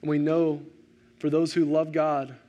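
A male pastor preaching a sermon, rising to animated questions and dropping to slow, hushed emphasis. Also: a little high, lo-fi sound.

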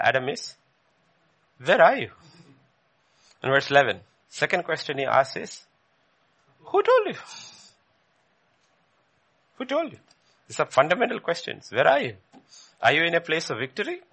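A man's voice: mid-range voice, sing-song, fairly quick, sharp tone. A male preacher giving a sermon, emphatic, repeating phrases and rising sharply whenever he quotes questions from scripture.

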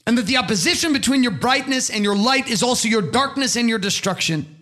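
A man's voice: very high-pitched, expressive, fast talker, sharp tone. A middle-aged man giving an impassioned motivational monologue, preachy and emphatic, swearing freely. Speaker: motivational speaker.

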